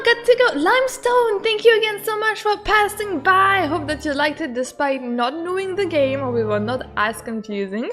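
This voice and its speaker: A woman's voice: high voice, moderate pace, fairly bright tone, soft background music. A woman from France with a French accent, chatting and giggling as she plays a game on stream and greets her viewers. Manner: giggly, chatty, greets chat, reads lines aloud. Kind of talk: casual let's-play commentary and reading.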